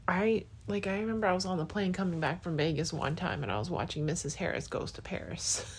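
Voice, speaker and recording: A woman's voice: lowish voice, a little fast, slight background noise. A young woman hosting her own podcast, talking to her partner in a casual, rambling, heartfelt way with lots of "like" and restarts. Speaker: podcast host. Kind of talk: casual spoken diary to a partner.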